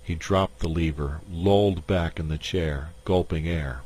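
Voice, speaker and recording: A man reading a science fiction short story aloud in a measured narration. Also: sits low, darkish tone. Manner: slow, measured.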